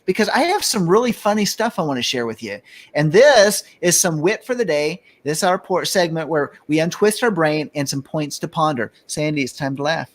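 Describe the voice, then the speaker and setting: An older man hosting a casual talk show, rambling in a jokey way and reading out one-liners. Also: a little high. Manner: jokey, rambling, telling jokes. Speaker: show host.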